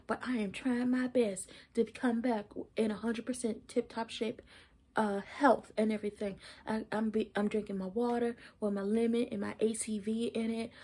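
Hoarse young woman host, casual slangy rant, flat husky delivery. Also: a little high. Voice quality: husky, partly whispered. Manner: chatty, conversational, slangy. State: losing her voice, hoarse. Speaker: YouTube commentary host.

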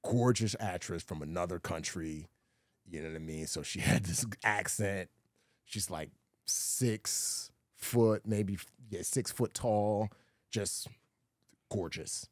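A man on an interview show telling a long personal story, animated and full of fillers, acting out the voices of other people. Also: low voice, takes it slowly, dry recording, clean studio sound. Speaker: guest, former Navy SEAL and actor. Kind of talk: casual storytelling conversation.

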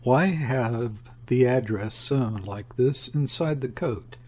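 Husky guy reading a curt sharp-eyed police inspector, probing, slightly rough voice. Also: mid-range voice, slow. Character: shrewd middle-aged male police inspector.

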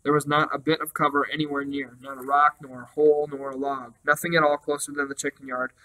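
A man reading a children's novel aloud in a steady, even way, with small slips now and then. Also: a little high, fast, poor audio. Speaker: storybook reader.

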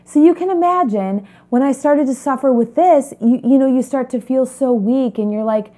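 A woman's voice: high voice, normal speed, few pauses, warm tone. A woman, a holistic health coach, telling her personal story to viewers in an earnest, confiding way. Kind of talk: personal testimony to camera.

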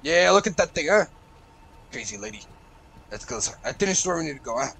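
A man hosting a let's play, reacting loudly and profanely, yelling at the game as he plays. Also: fairly high pitch, fairly quick, slightly rough. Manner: excitable, profane, shouts at the game. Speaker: gaming channel host.

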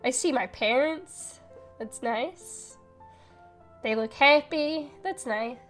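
A young woman streaming a horror game live, chatty and excitable, reading the game text aloud and jumping to loud yelps. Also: sits high, takes it slowly, soft background music.

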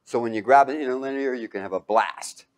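A man's voice: medium pitch, quick pace. A man teaching a Bible class, quizzing his students with fill-in questions and breaking into sudden exclamations.

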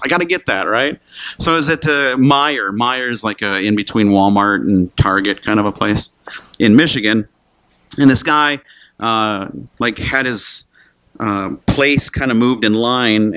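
A man delivers a church sermon in a relaxed, talky way. He often restarts or doubles his words and calls the listeners "guys". His voice is mid-pitched and recorded close and dry, with little room sound. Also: dry recording. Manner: conversational preaching with repeated words and restarts. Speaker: pastor.

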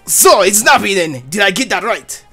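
A man's voice: on the high side, wildly swooping pitch, rapid-fire, vocal fry, darkish tone, faint music behind, pitched below the performer's own voice, full character voice. A man putting on Professor Sycamore, grandly foreign. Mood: grandly welcoming. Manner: mock foreign accent, theatrical reading. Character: flamboyant male Pokémon professor, cheerful.

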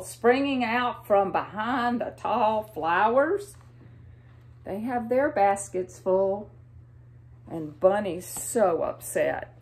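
A woman with a Southern American accent reading a storybook to children in a gentle, expressive way, asking them questions. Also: medium pitch, takes it slowly.

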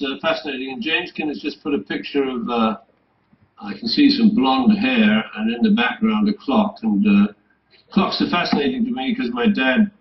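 A man's voice: medium pitch, echoey room, lo-fi sound. Man wandering through long asides. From England. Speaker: co-host. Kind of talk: casual chat.

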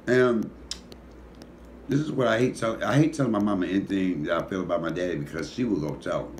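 A man's voice: deep voice, fairly quick, darkish tone, a little hiss or hum. A middle-aged man with a Detroit accent, a comedian hosting his cooking show, rambling sleepily with profane comic stories. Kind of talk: casual talk to camera.

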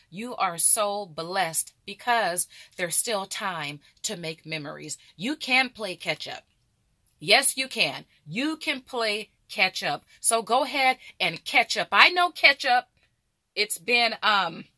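A woman's voice: a little high, pushed and bright, no room sound, clean studio sound. A middle-aged woman vlogger chatting animatedly and directly to her viewers. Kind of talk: casual chat to camera.

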